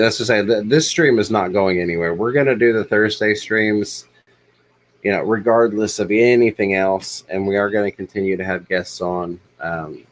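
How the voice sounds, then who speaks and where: A man with a low voice hosts a casual livestream, relaxed and rambling. He fills his pauses with ums. A faint background noise sits under the voice. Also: poor audio. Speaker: livestream host.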